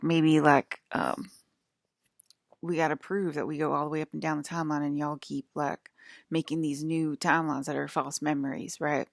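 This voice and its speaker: Woman vlogger, low and gravelly, rambling and swearing a lot, annoyed, dry close sound. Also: no room sound. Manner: profane, irritated rant. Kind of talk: rambling monologue.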